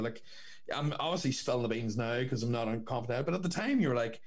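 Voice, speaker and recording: A man's voice: mid-range voice, lively intonation, quick pace. A young man, telling rambling stories in casual chat and swearing freely.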